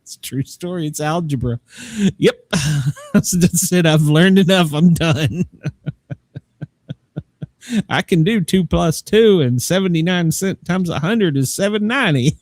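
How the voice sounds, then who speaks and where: A man's voice: a little high, lively intonation, measured pace, a little mellow, dry recording. A man hosting a podcast in casual chat, rambling and self-mocking and often breaking into laughter. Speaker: podcast host.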